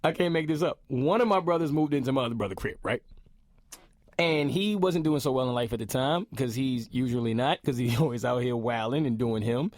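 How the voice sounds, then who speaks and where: A man's voice: medium pitch, brisk, a little mellow, dry recording, clean studio sound. A man telling a story on a podcast, laughing often and acting out what others said. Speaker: podcast co-host. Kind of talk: casual storytelling chat.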